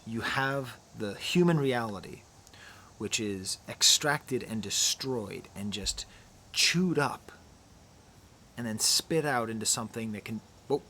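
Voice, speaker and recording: Soft-spoken middle-aged man musing to camera. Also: on the low side, slight background noise. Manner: soft, near-whispered delivery; musing, with quick laughs. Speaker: YouTube critic. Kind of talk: casual film commentary to camera. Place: outdoors near trees.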